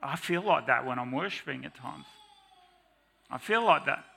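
A man's voice: mid-range voice, animated, moderate pace, vocal fry, bright, forceful tone, husky. A man preaching a sermon in a church, speaking in an earnest, confessional way. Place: church with slides.

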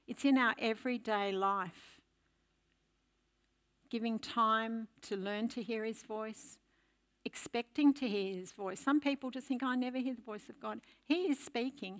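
An older woman giving a sermon, telling a lively story to make her point. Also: on the high side. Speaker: preacher.

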